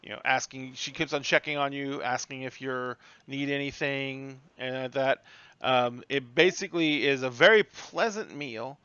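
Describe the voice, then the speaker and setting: A man's voice: medium pitch, normal speed, pushed and bright, smooth, no room sound, lo-fi sound. A man narrating as game master of a tabletop game, casual and rambling with lots of fillers.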